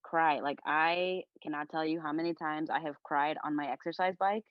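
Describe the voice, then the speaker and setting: Young woman, low voice, earnest, heartfelt, casual podcast chat, dry dull lo-fi sound. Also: fairly even intonation, normal speed, no echo. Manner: earnest, heartfelt, leans heavily on "like". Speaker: podcast guest, content creator. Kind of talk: casual conversation. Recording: dull lo-fi recording.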